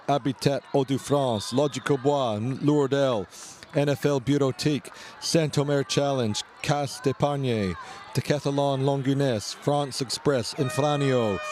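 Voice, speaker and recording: A man giving brisk live play-by-play commentary at a canoe polo match and reading out a list of sponsors. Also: mid-range voice, darkish tone, slight background noise.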